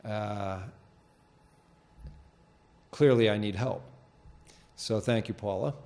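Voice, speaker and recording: A man's voice: fairly low pitch, slow, darkish tone. A man hosting a public access TV show from a studio, talking off the cuff with many fillers and restarts. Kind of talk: casual unscripted presentation. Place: TV studio with green screen.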